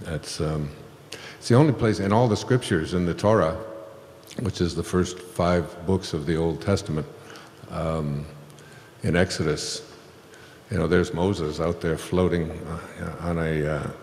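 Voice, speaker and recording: A man with a deep, low-pitched voice speaks about spiritual matters in a rambling, storytelling way, filling pauses with small chuckles. He is recorded on stage in a large hall, and the sound is roomy with a long reverb tail. A soft ambient hiss sits beneath his voice. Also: fairly even intonation. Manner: rambling, with many fillers and chuckles. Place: hall with an audience.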